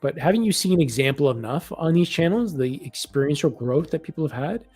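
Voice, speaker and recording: A man's voice: fairly high pitch, expressive, a little fast, a little mellow, breathy edge, faint music behind. A man voicing a channeled male spirit guide who presses urgent, scolding questions.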